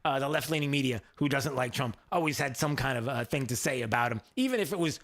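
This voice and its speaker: A man hosting a talk radio show, giving opinionated commentary in a mocking tone, often halting with fillers. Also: mid-range voice, lively intonation, a bit bright.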